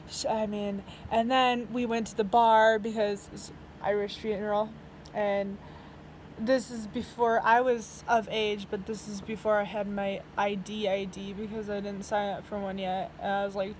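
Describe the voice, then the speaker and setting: Chatty woman in her twenties, casual storyteller who laughs and swears, quiet hum behind. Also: mid-range voice, rough recording. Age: 20s. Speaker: vlogger.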